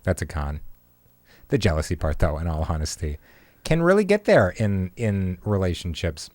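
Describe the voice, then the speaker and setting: Guy in his 30s cracking deadpan jokes on a podcast, real low voice, dry sound. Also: moderate pace, no room sound. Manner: joking, deadpan asides. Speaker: podcast co-host. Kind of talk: casual chat.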